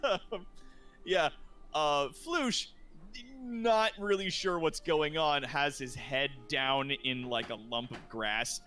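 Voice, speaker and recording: Slow, rambling game master narrating. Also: male voice, on the high side, bright, forceful tone, soft background music. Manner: rambling, filler-heavy narration with laughter.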